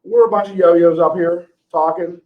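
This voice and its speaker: A man's voice: high voice, fairly even intonation, normal speed, phone-quality sound. A man co-hosting a podcast, chatting casually, teasing his co-hosts and laughing often with rambling restarts. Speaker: podcast co-host. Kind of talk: casual chat.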